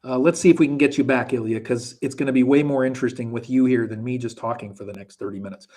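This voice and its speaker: A man's voice: mid-range voice, fast talker, dark tone. A man hosting a live online show, chatty and thinking aloud while he handles technical hiccups. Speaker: show host. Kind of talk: casual live-stream hosting. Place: Poland. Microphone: video call.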